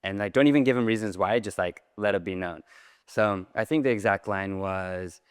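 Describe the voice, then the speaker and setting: Animated male storyteller, low voice. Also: moderate pace, clear, resonant tone, no echo, studio quality, in a large hall. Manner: animated storyteller, many "like" fillers. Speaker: speaker. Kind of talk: storytelling talk. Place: large hall.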